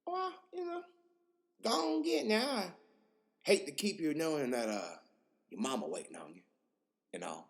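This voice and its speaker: A grinning Southern lawman, sickly sweet and menacing, drawling in a high sing-song voice as a man puts him on. The pitch swoops well above a normal speaking voice, and the politeness never sounds sincere. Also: sing-song, normal speed, gravelly, long pauses. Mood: condescending. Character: creepy smiling Southern male cop, falsely friendly.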